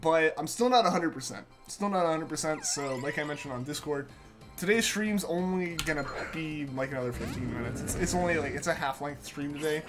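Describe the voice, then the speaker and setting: A man's voice: fairly high pitch, brisk, music in the background. A young man hosting a live game stream, chatting casually with viewers and often repeating himself, his voice congested as he gets over a sore throat. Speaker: livestream host. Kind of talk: casual live-stream chat while gaming.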